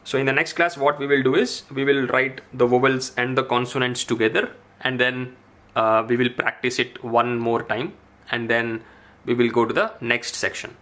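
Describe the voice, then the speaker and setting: A man teaching a language lesson, patiently repeating each syllable and pausing with frequent "uh"s. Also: mid-range voice, level tone, sharp tone. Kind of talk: explaining a writing lesson.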